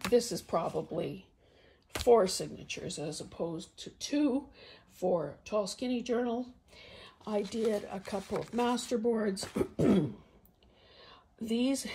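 A hoarse woman with a croaky voice talks slowly and haltingly, showing off her crafts in a casual vlog. She keeps clearing her throat, and faint traffic hums in the background. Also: mid-range voice, a little mellow. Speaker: craft channel host. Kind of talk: casual show-and-tell vlog. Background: faint traffic noise.

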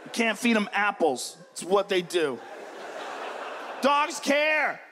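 A man performing a stand-up routine on stage, loud and profane, acting out the animals in his bits. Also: high-pitched, very animated, slow, slight background noise. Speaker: stand-up comedian. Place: comedy stage before a large audience. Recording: live show with loud crowd. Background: loud audience laughter.

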